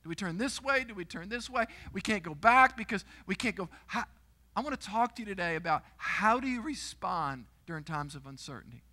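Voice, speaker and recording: A middle-aged man preaching a sermon in a church, telling stories with animated energy and sudden shouts. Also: high-pitched, a little fast. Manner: storytelling, animated, shouts and screams for effect. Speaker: guest preacher. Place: church auditorium.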